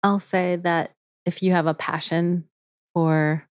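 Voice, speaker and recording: A woman's voice: lowish voice, flat delivery, slow, clear, resonant tone, no room sound, studio quality. A woman guest in a podcast interview, talking earnestly about her teaching with frequent restarts. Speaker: guest, integrative therapy teacher. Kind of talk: casual interview talk.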